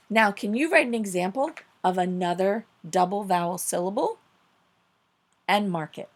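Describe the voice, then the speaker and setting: A woman teaching a children's phonics lesson, upbeat and encouraging, slowing down to stress each word clearly. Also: on the low side. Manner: upbeat, encouraging, slow clear emphasis on words.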